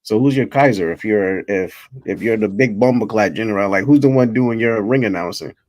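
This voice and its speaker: A man co-hosting a casual podcast chat, relaxed and teasing, adding dry interjections. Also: on the low side, brisk, a crowd in the background. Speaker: podcast co-host.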